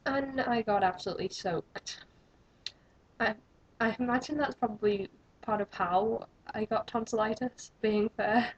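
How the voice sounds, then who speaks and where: A woman's voice: on the high side, a little slow, husky. A young woman, chatting to camera in a rambling, self-mocking vlog. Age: young adult. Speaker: vlogger. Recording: dull lo-fi webcam audio.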